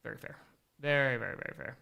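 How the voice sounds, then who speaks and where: A young man from Wisconsin doing casual live play-by-play and reaction, chatting with viewers and shouting them out between plays. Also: mid-range voice, fast, vocal fry, clear, resonant tone. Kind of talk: casual live-stream commentary reading chat.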